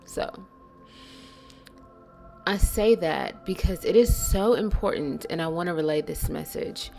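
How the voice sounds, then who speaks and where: A woman with a low, gravelly voice speaks a spiritual monologue bluntly and earnestly. She leans hard on slow words and sometimes sinks to a whisper. Soft music plays faintly beneath her. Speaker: spiritual channel host.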